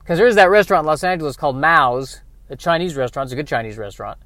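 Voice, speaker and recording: A man's voice: fairly high pitch, racing, a bit bright, no room sound. A man talking in a rambling comic monologue, digressive and self-mocking, often talking to himself. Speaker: vlogger.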